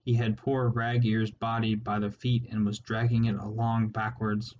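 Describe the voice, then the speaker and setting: A man's voice: fairly low pitch, level tone, normal speed, darkish tone, lightly acted. A man voicing a cowardly, superstitious male ferret soldier with an Irish accent, rambling and pleading, in a slightly muffled recording with faint hiss. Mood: wailing, frightened. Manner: rambling, wailing, rustic storyteller's turns of phrase.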